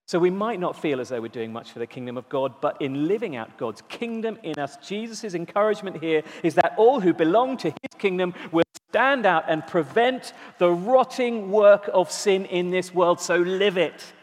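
A man delivers a sermon with a notably high voice. He leans on key words, slowing down and repeating them for emphasis. His voice carries a long reverb, as if spoken in a large church hall. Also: expressive. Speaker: preacher.

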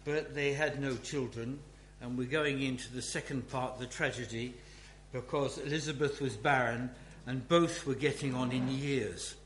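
A man giving a Bible teaching talk as a preacher, in a slow, musing way with many restarts. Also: mid-range voice, fairly even intonation, fairly bright tone. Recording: echoey room with faint hum.

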